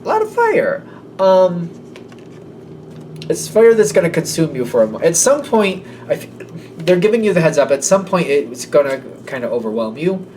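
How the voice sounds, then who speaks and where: A man's voice: on the high side, lively intonation, moderate pace, a little mellow. A man giving a casual, rambling tarot reading, now and then acting out little voices. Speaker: tarot reader. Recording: slightly distant mic, faint room noise.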